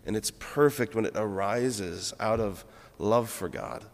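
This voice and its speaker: A man's voice: on the low side, unhurried, vocal fry. A man, a Catholic priest, giving an earnest, reflective homily and weaving in a personal story. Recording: long reverb of a church.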